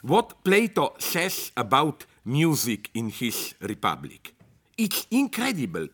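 An older man from Slovenia, giving an improvised philosophical lecture in English. He talks in an animated, digressive way, restarting sentences and adding tag questions like "no?". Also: a little high.

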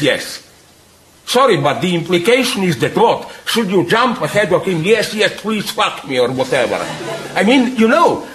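A man making an animated spoken argument, emphatic, with frequent apologetic asides, many hesitant pauses and laughs at his own points. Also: a little high, poor audio.

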